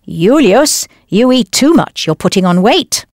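Woman language teacher, slow and deliberate, animated intonation, dry studio sound. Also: fairly high pitch, dry recording. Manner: slow, careful enunciation with prompting questions. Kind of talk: scripted language lesson.

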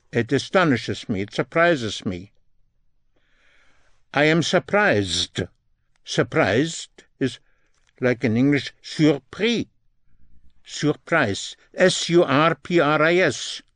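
A man's voice: on the high side, big pitch swings, slow, pauses often, fairly bright tone, no room sound. A man giving a French lesson, saying each phrase in English and French and spelling words letter by letter in a patient, repetitive way. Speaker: French teacher. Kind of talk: slow, deliberate language lesson with spelled-out words.

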